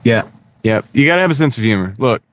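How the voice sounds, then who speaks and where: Talking fast in an animated, medium-pitched voice that's a bit bright, a man livestreams casually from his car. He rambles and jokes with the people watching, laughs often, and uses a wireless clip-on mic.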